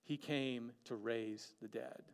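A man preaching a sermon earnestly, moving between emphatic peaks and hushed, quiet lines. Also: mid-range voice, fairly even intonation, slow, creaky, clear, resonant tone, in a large hall.

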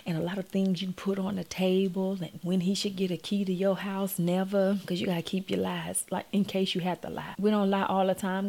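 A woman rambles into her phone camera at home, blunt and profane, with a gravelly edge to her voice. Her pitch sits in the middle of the range, and she talks the way a friend does when she is handing out relationship advice. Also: flat delivery, a little fast, hardly any pauses, a little mellow. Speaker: vlogger giving relationship advice. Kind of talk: casual comedic monologue to camera.

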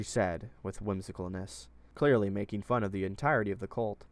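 A man reading his own fantasy story aloud in steady, plain narration. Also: fairly low pitch, brisk, few pauses, dry recording.

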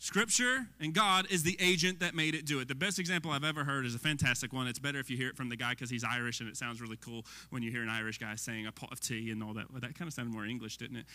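A man preaching a sermon in a lively, conversational way, often asking the audience questions. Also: mid-range voice, fast, hardly any pauses. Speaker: pastor. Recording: long hall reverb.

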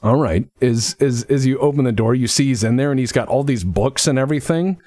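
A man's voice: mid-range voice, no echo, studio quality. A man narrating a tabletop game as game master, casual and full of restarts. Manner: relaxed, halting, lots of restarts.

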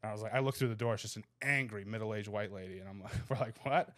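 A man's voice: on the low side, a bit bright. Comedian guest, 30s, male, swears constantly, races through the anecdote. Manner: rapid, profane, laughing anecdotes. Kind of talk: casual storytelling.

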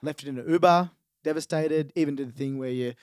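Fast-talking guy telling a story. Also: fairly high pitch, no echo, studio quality. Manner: animated, laughing, acts out quoted voices. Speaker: podcast co-host. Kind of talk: casual storytelling chat.

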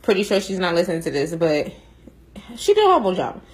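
A woman's voice: lowish voice, huge pitch swings, fast talker, a little mellow, rough recording. A woman co-hosting a podcast, telling stories in a blunt, teasing way in casual chat. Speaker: podcast co-host.

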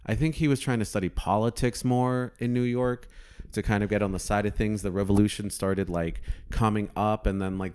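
Low smooth-voiced man rambling casually. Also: darkish tone. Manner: rambling storyteller, swears casually. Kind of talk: casual chat.

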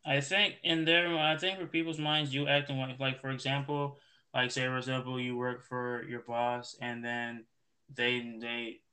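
Man, bright tense voice, casual podcast chat, halting, repeats words. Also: mid-range voice, flat delivery. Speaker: podcast co-host.

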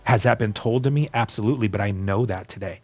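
A man's voice: on the low side, fast talker, darkish tone, soft background music. A man as a guest, telling his personal story in an earnest, candid way, often restarting and repeating words. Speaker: guest sharing his testimony.

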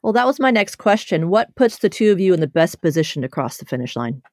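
A woman's voice: lowish voice, very animated, fast, a little mellow, no echo. A woman hosts a podcast interview and prompts her guests with encouraging questions. The recording is dry, with no room sound around her voice. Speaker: podcast host.

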